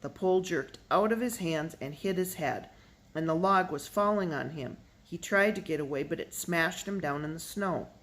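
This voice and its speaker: Steady audiobook reader. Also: medium pitch, normal speed. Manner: steady narration, lifting the voice for dialogue. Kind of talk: reading a children's novel aloud.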